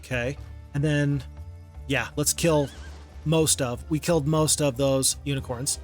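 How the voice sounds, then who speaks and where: A man with a slightly high voice talks through a strategy game as a gaming host, reasoning aloud and counting units quietly under his breath. He is casual and openly self-critical about his mistakes. Faint music plays behind him. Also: steady tone, unhurried. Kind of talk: casual gameplay commentary.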